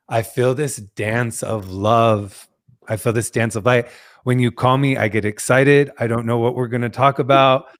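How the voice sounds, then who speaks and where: A male podcast host speaking slowly and earnestly, effusive and reflective in a casual spiritual conversation. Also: on the low side.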